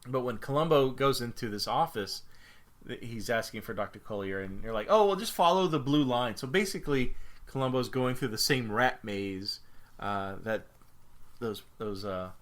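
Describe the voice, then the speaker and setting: This film podcast co-host talks casually through scene recaps, correcting himself often and leaning on fillers. He speaks at a moderate pace in a fairly low, slightly bright voice.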